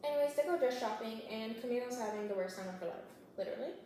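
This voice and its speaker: Chatty woman in a very echoey room. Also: on the high side. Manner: chatty, slangy, animated retelling with quick voiced quotes. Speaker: book vlogger. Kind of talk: casual book recap while baking. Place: home kitchen. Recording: very echoey room with clear background noise.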